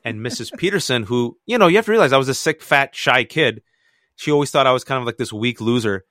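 Animated storytelling man, dry close sound. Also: fast, no echo. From United States. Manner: lively, acts out family voices with big jumps in pitch. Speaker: guest author.

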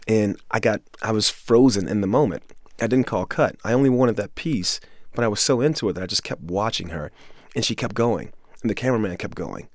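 Male film director from Miami, relaxed and earnest, lower voice, dry and close. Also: dry recording. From Miami, USA. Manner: laid-back, earnest, lots of "you know" and "bruh". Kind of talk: interview, personal storytelling.

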